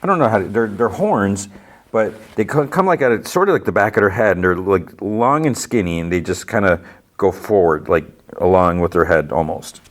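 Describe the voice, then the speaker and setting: A man's voice: fairly low pitch, animated, normal speed. A man hosting a podcast, casually recapping a TV episode in a loose, filler-heavy way. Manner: rambling, filler-heavy retelling with many "like" and "you know". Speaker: podcast host.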